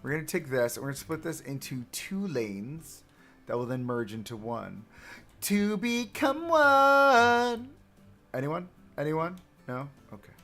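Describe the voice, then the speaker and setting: A man streams himself building in a game, chatting casually to the people in his live chat and poking fun at himself. His pitch is medium, his pace moderate, and faint music sits behind him.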